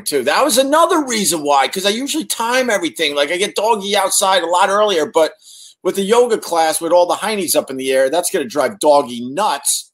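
Man, livestream host, casual chat, crude jokes, slightly high voice, very lively pitch. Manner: crude, joking and animated, with frequent swearing. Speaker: livestream host reading viewer comments.

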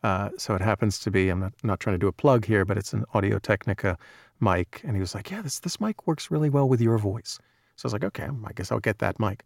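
A man who narrates audiobooks, chatting in an interview as a relaxed, self-deprecating storyteller. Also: on the low side, fast talker, vocal fry, no echo, clean studio sound. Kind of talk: casual interview chat.

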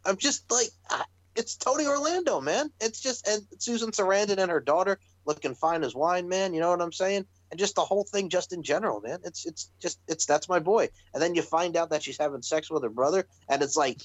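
Animated, lively-voiced male podcast co-host. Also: high-pitched, a little fast, hardly any pauses, dry recording, low-quality recording. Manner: animated, swears freely, breaks into laughter. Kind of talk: casual chat.

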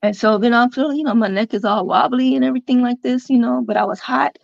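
On a podcast, a woman guest shares her own story in a rambling, chatty way, full of fillers and reported speech. Her slightly high voice has vocal fry and a quick pace, with no room sound and the highs cut off.

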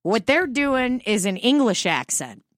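A woman co-hosting a podcast, chatting casually in an animated, joking and profane way. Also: a little high, measured pace, dry recording, studio quality. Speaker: podcast co-host. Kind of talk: casual chat.

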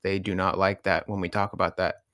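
A man's voice: low-pitched, level tone, fairly quick, fairly bright tone, no echo, studio quality. A young man, a podcast co-host, chatting casually in an easygoing way. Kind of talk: casual chat.

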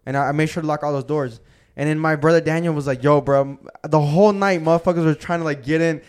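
A young man tells wild party stories on a casual podcast, swearing freely and saying "bro" again and again. His voice sits a little high and sounds smooth and clear. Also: quick pace. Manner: profane, animated storyteller, says "bro" a lot. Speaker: podcast co-host. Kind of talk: casual storytelling chat.

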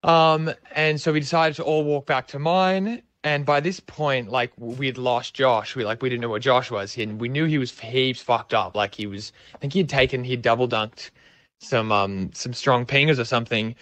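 A man's voice: mid-range voice, moderate pace, fairly bright tone, no room sound. A young man with an Australian accent, telling a rambling, sweary story in a casual way. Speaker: storyteller guest.

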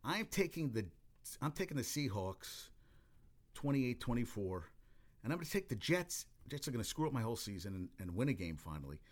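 A man's voice: medium pitch, sing-song, brisk. A man giving casual, rambling sports talk, full of cursing, restarts and exclamations.

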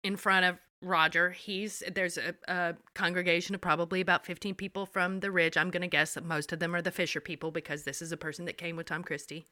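A woman with a bright, clear voice recaps a show episode for her co-host, animated and salty-mouthed. The sound is dry and close. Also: fairly low pitch, quick pace, hardly any pauses, no room sound. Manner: animated, profane storytelling. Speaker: podcast co-host.

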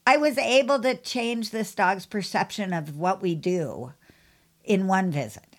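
A woman pet groomer who hosts a podcast, telling a long story in a chatty, animated way. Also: medium pitch, measured pace. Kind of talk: casual storytelling.

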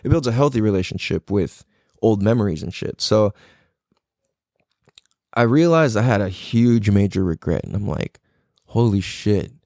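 A man's voice: on the low side, expressive, moderate pace, pauses often, darkish tone, no room sound, clean studio sound. A young man telling a raw personal story in casual speech, swearing a lot, full of fillers and rising emotion. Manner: heavy swearing, filler-laden, emotional and intense.

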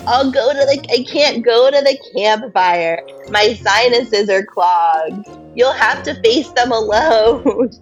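A woman's voice: high-pitched, moderate pace, hardly any pauses, lo-fi sound, soft background music, pitched above the performer's own voice, close to an everyday voice. Woman doing a sniffling kid camper: nasal, self-pitying, whiny. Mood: sobbing. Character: whiny crying young boy camper.

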